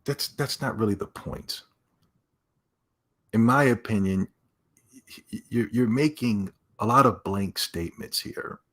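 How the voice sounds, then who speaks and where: A man's voice: lowish voice, a little slow, pauses often, a bit bright. A man streaming casual commentary, emphatic and sarcastic, rambling as he reacts to a clip.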